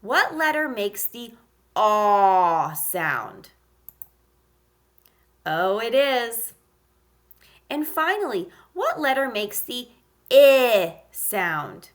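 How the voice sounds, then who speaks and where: Woman, phonics lesson for small kids, slow pace, sounds out letters, lively pitch. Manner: slow, encouraging, sounds out letters with exaggerated emphasis. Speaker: kindergarten teacher. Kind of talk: phonics lesson for young children.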